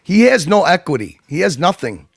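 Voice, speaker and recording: A man's voice: sits high, very animated, normal speed, creaky, breathy edge, no room sound, clean studio sound. Rambling, emphatic man on a livestream. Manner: rambling, emphatic, many restarts and asides. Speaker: guest commentator. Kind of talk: casual livestream chat.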